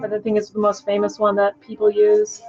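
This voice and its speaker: A woman's voice: mid-range voice, monotone, moderate pace, lo-fi sound, over music. A woman co-hosting a live stream, reading out viewer questions and adding her own suggestions. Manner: reads questions out, then adds friendly suggestions. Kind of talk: casual live-stream chat.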